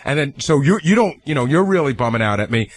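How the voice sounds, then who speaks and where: A man's voice: fairly high pitch, lively intonation, quick pace. Stammering, defensive male radio producer. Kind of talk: on-air studio argument.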